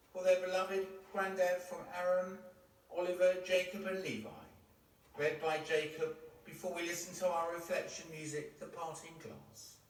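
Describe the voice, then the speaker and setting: Gentle male funeral celebrant, echoey chapel. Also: high voice, a little hiss or hum. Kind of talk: formal ceremonial address. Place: crematorium chapel. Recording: echoey hall, distant mic, faint ambience.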